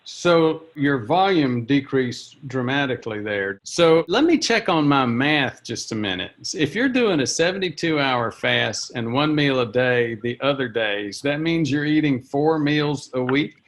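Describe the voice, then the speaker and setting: A man's voice: mid-range voice, animated, unhurried, hardly any pauses, fairly bright tone. A man interviewing a guest, explaining background and asking follow-up questions. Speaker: interviewer, doctor. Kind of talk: conversational interview.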